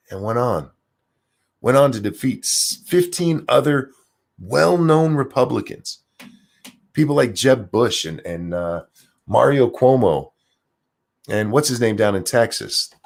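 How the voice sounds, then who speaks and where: A man's voice: on the low side, creaky. A man hosting a ranting political livestream, swearing freely and reading out viewer donation messages. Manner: profane, ranting, reads donor messages aloud. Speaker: political commentary livestream host. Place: home, near geese outdoors.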